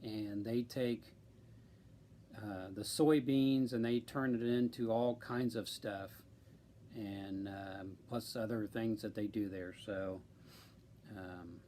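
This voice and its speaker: Male streamer, deliberate unhurried delivery, filler-heavy casual chat. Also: on the low side, steady tone, dark tone, a little hiss or hum. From central Illinois, USA. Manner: slow, deliberate, with many ums. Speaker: live stream host.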